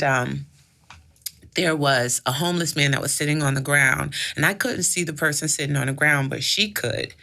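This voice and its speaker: A woman with a low voice that has a gravelly edge and a bright, forceful tone. She hosts a casual faith-based advice chat. She tells stories reflectively, with frequent "you know" and "like" fillers. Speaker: advice podcast host.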